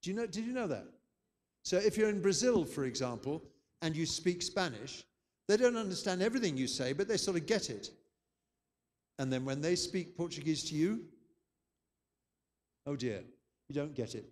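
A man's voice: on the high side, lively intonation, normal speed, long pauses, a little mellow, long reverb tail. An older man from England, giving a chatty, anecdotal conference lecture. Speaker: keynote speaker.

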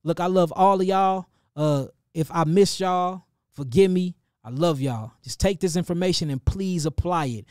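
A middle-aged man with a St. Louis accent hosts a casual livestream, giving animated, preachy shout-outs and calling his listeners family. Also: sits high, normal speed, no room sound, clean studio sound. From St. Louis, Missouri. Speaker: livestream host and healer.

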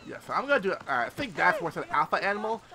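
A young man giving excitable, casual let's-play commentary, with loud outbursts and constant swearing. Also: high voice, racing. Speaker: gameplay streamer.

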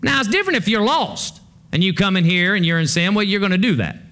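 Man preaching a sermon, high-ish voice. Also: sing-song, fast. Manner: conversational preaching, swings from low and hushed to high and urgent. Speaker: pastor.

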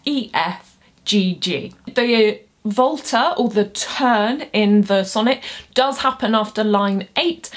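A young woman, a poet explaining poetry in a chatty, nerdy way with self-deprecating asides. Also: medium pitch. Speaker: poet and booktuber. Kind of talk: casual explainer video.

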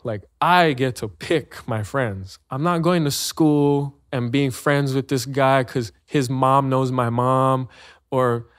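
Man with hawaiian accent, casual podcast chat, smooth resonant voice, dry close sound, laid-back, slangy. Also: mid-range voice, slow pace, no echo. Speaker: podcast guest.

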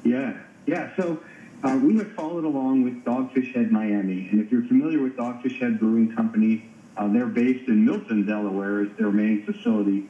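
A man's voice: medium pitch, normal speed. Male phone-in contributor, explanatory, lo-fi line. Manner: explanatory, repeats words while thinking. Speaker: beer news contributor. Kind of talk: casual radio chat. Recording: dull phone-line sound, roomy.

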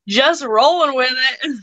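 A woman's voice: high-pitched, bright, forceful tone, no room sound, poor audio. Chatty woman hosting a live sale. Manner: chatty, full of "like" and "um" fillers. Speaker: live auction seller. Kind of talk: casual live-stream sales chat.

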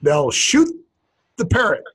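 Husky man reading out funny sayings. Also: on the high side, wildly swooping pitch, slow, fairly bright tone. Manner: reads out funny sayings, chuckling, jumps into silly put-on voices. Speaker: podcast co-host. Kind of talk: casual comedic chat.

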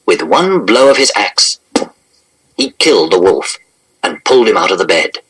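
Man narrating with a very lively voice. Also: low voice, normal speed, breathy edge, rough recording. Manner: expressive, animated read-aloud. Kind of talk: scripted storybook narration.

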